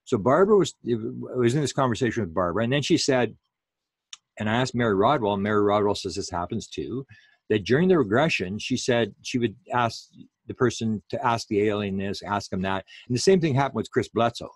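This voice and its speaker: Male lecturer for an online talk, lowish pitch, dry recording, unhurried delivery full of fillers. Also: lively intonation, breathy edge, no room sound. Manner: unhurried, with many fillers and restarts.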